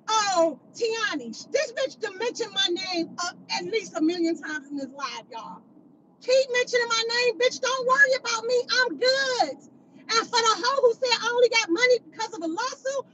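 A woman's voice: very high-pitched, noisy background. A woman, ranting angrily and profanely at critics on a phone livestream, repeating her insults again and again. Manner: confrontational, profane, repetitive insults. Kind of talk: angry livestream rant.

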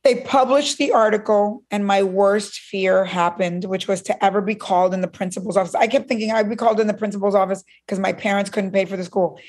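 A middle-aged woman from Cuba, appearing as an interview guest, tells a personal story in a spirited way, imitating other people's words. She speaks at medium pitch, a bit fast, with few pauses.

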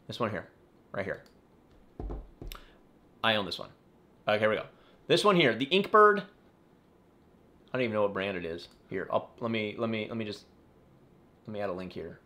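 Fairly low in pitch with lively intonation and a sharp tone, this man talks at normal speed and pauses often. He's an aquarium YouTuber running a laid-back live Q&A from his California desert home, rambling, correcting himself and saying sorry a lot.

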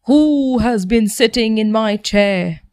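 A cross, gruff father bear from a bedtime storybook growls his questions slowly, played by a woman reading aloud. The recording is dry and close. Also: fairly high pitch, darkish tone, no room sound. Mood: growling.

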